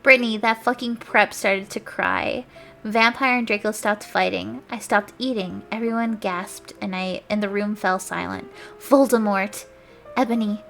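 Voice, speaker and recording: A woman's voice: medium pitch, fairly even intonation, normal speed, gravelly, a bit bright, faint music behind. A young woman streamer reading a fanfic aloud with mock drama, stumbling over words and chatting casually.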